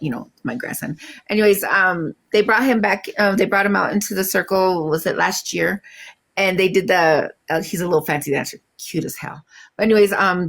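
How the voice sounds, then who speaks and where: A woman's voice: fairly low pitch, creaky, a bit bright. A middle-aged woman hosting a live stream, chatting casually, laughing often and trailing off with fillers. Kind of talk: casual chat.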